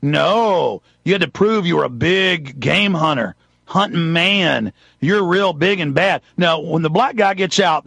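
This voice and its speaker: A man hosting a talk show, ranting forcefully in a heated monologue and acting out quotes dramatically. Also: fairly high pitch, vocal fry, breathy edge, dry recording.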